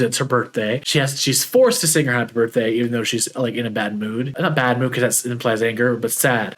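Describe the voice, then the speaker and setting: Man, podcast host, earnest, personal, reflective, mid-pitched voice. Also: a bit bright. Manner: earnest, open and personal, with frequent restarts. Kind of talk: reflective solo podcast talk.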